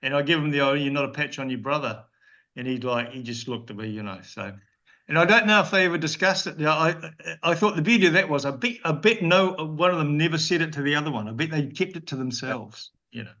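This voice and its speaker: A man's voice: a little high, lively intonation, fast talker, sharp tone. A New man in his sixties telling rambling, dryly funny anecdotes as an interview guest, with frequent restarts. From New Zealand. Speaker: guest, former cricketer. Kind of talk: casual storytelling interview. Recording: dull lo-fi podcast recording.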